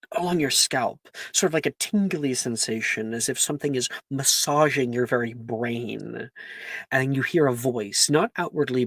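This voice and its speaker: This relaxed tabletop RPG game master laughs a lot and keeps clearing his throat while he narrates. The voice is mid-range and the recording is dry.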